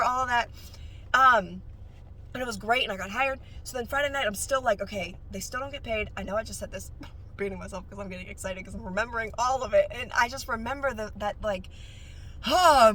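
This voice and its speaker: A woman who works as a nail technician, sharing her faith testimony in a casual, animated way that jumps up high whenever she gets excited. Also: slight background noise.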